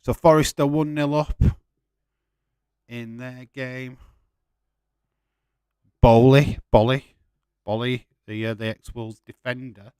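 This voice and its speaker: A man's voice: medium pitch, darkish tone, smooth, no echo. A man hosting a live watch-along stream, chatting casually, swearing freely and laughing while he reads viewer comments.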